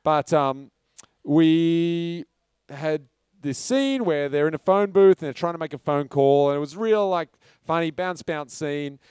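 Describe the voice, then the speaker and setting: A man's voice: a little high, measured pace, darkish tone, clean tone, no echo, clean studio sound. A man, a film director telling a loose, chatty anecdote at a live talk in a pub. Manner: casual storytelling, loose and chatty. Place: pub function room.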